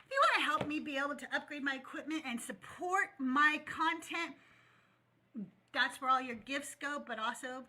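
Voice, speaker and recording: A woman's voice: high voice, normal speed, pushed and bright. A woman hosting a live call-in stream, talking bluntly and casually while chewing gum. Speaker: livestream host.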